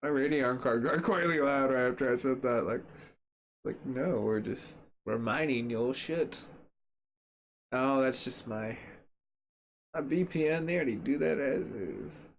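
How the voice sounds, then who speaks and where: A man's voice: medium pitch, normal speed, a little hiss or hum. Joking, rambling male gaming host. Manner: joking, rambling and sarcastic, with frequent fillers. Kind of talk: casual commentary while testing a graphics card.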